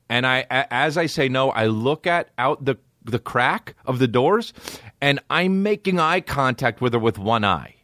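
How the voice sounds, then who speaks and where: A man, a podcast host telling stories in a casual, animated way, swearing a lot and acting out voices. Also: medium pitch, a little slow, dry recording, clean studio sound. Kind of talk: casual storytelling.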